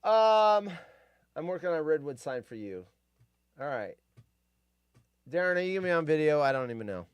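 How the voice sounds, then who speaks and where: A man's voice: fairly high pitch, very animated, normal speed, long pauses, clear, resonant tone, no room sound, lo-fi sound. A man hosting a casual live stream, grumpy and profane, ranting and rambling.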